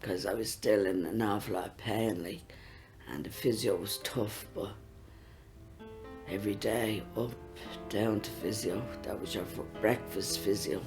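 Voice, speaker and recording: A woman with an Irish accent plainly recalling her time in hospital and physiotherapy. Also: rumbling low. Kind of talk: recorded testimony.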